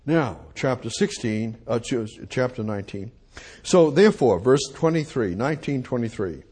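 A man's voice: medium pitch, animated, normal speed, a little mellow, breathy edge. A man preaching a sermon, reading old scripture and retelling stories with emphatic repetition. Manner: emphatic, repeats phrases, reads old scripture aloud.

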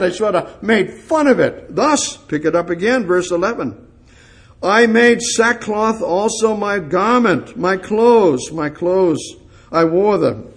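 A man with a husky, fairly high voice preaches through scripture at an unhurried pace. He lingers on each verse he reads and then builds into urgent, rising exclamations. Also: animated. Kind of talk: verse-by-verse sermon.

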